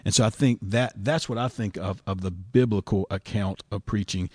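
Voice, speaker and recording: Man, pastor, low voice, dry close sound, folksy storytelling. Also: steady tone, moderate pace, darkish tone, slightly rough, dry recording. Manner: folksy storytelling, repeats words when starting. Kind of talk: casual podcast discussion.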